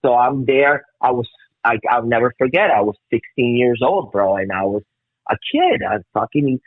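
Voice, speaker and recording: Man, 50s, interview guest, husky voice, dry tinny phone-like sound. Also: medium pitch, animated, normal speed, no room sound. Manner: emotional, profane, keeps saying "bro". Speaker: guest musician. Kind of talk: casual interview storytelling.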